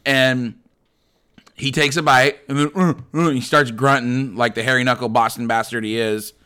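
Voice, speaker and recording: A man's voice: medium pitch, level tone, moderate pace, pushed and bright, clear, resonant tone. A young man co-hosting a podcast, chatting casually and ranting bluntly with crude jokes. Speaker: podcast co-host. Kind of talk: casual chat.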